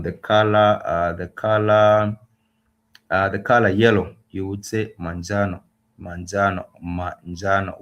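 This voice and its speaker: Deep-voiced man teaching a language. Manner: patient, repetitive, many uh fillers. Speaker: Swahili teacher. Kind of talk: livestreamed language lesson.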